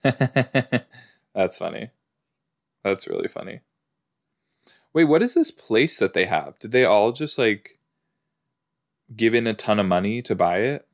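A man's voice: lowish voice, animated, slow, pauses often. A man hosting a podcast, chatting casually while watching a TV episode, rambling with lots of "like" and "you know". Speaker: podcast host. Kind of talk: casual watch-along commentary.

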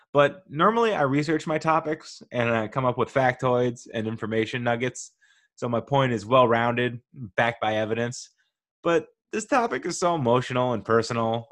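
A man's voice: medium pitch, a bit bright. A young man hosting his own podcast, talking in a playful, self-mocking way with rambling asides. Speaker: podcast host. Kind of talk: casual solo podcast monologue.

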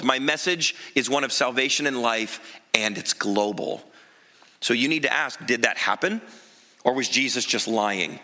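A man preaching a sermon as pastor in a church, telling the story in an animated way with emphatic asides. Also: medium pitch, measured pace. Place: church sanctuary. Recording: long reverb of a large church hall.

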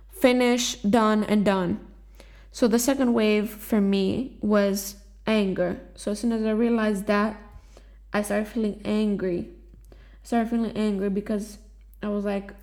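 A woman's voice: mid-range voice, a little mellow. Candid young woman hosting a self-help podcast. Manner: candid, swears freely, talks straight to listeners. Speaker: podcast host. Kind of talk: casual self-help talk.

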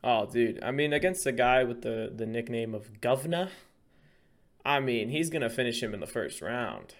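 A man co-hosting a casual fight-betting podcast, excitable and profane, hyping up his picks. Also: mid-range voice, moderate pace. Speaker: podcast co-host. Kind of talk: casual chat.

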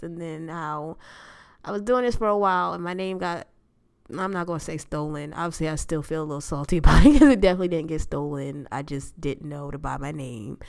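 A young adult woman hosting a solo podcast, speaking in a casual, animated rant, laughing often. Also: fairly low pitch, vocal fry. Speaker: podcast host.

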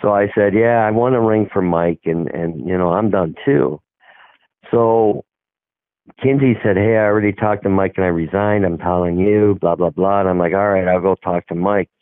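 A man's voice: low-pitched, moderate pace, dry recording. A middle-aged man, a hockey coach, telling a rambling story in casual talk and acting out the dialogue. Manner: rambling, acts out quoted dialogue. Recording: tinny phone-like line, dry.

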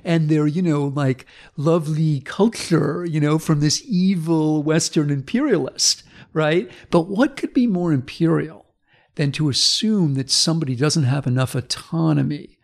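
A man's voice: a little high, unhurried, gravelly. A man, a history professor, telling a story in conversation, acting out the people in it with blunt, emphatic and sometimes profane talk. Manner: animated storyteller acting out quoted voices.

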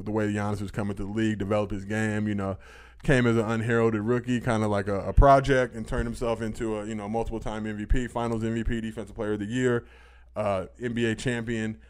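A man's voice: fairly low pitch, little pitch movement, fast, smooth. A young man talking as a podcast guest in casual chat, blunt and profane with lots of fillers.

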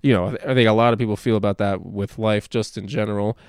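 A man's voice: fairly low pitch, quick pace, smooth, no room sound, studio quality. A man co-hosting a podcast, talking casually and at length, swearing freely and filling gaps with uh and you know. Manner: animated, swears freely, rambling with many fillers. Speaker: podcast co-host.

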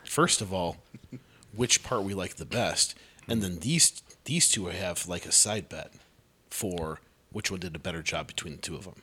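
A man's voice: low-pitched, expressive, normal speed, bright, forceful tone, breathy edge. A man leading a casual family chat at home, teasing and laughing often.

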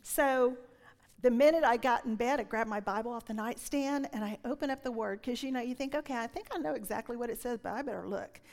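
A woman in her sixties delivers a sermon full of personal testimony, a slightly high voice, animated, dipping into whispers. Her words ring out with the long reverb of a big church hall. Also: a little fast, creaky. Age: 60s. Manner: animated storytelling, drops to whispers when quoting. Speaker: preacher.

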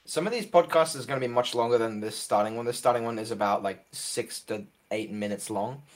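A man's voice: mid-range voice, brisk. A young Australian man hosting a casual podcast, rambling and joking with lots of fillers. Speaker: podcast host.

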